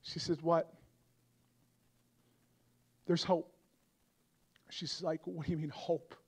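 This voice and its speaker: A young adult man preaching a revival sermon, moving from quiet storytelling to loud, impassioned appeals. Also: level tone, slow pace, husky. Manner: builds from soft storytelling to loud, high-pitched fervor.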